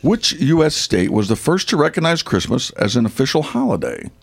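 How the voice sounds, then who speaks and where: Gravelly-voiced American man hosting a quiz. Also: a little high, sing-song, fairly quick. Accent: Northern US. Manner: jokey, laughs often, stumbles over questions. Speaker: quiz host. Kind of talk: casual Christmas trivia quiz.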